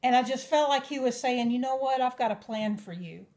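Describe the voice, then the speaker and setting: A young woman with a drawl tells her life story as a testimony. Her voice sits slightly high, and she speaks with earnest, emotional sincerity. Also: a little fast, a little mellow. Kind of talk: personal testimony.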